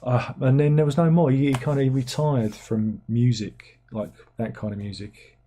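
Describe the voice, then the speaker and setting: A man's voice: mid-range voice, steady tone, moderate pace, mellow, slight background noise. A middle-aged man, hosting a casual livestream, rambling on and reading out viewer comments. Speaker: livestream host.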